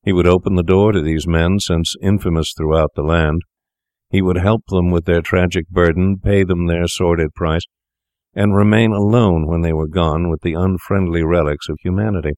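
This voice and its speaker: A man reading a classic tale aloud as an audiobook narrator, in a measured storytelling delivery. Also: deep voice, fairly even intonation, darkish tone, no room sound, clean studio sound.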